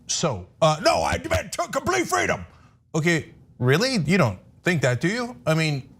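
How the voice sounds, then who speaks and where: A man hosting a political talk show, arguing in a condescending, emphatic monologue. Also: mid-range voice. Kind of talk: opinion monologue.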